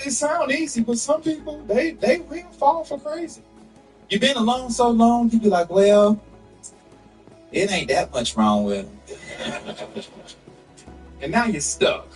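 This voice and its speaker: A man doing a loud, animated stand-up comedy set and laughing at his own jokes. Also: extremely high pitch, recorded from a distance.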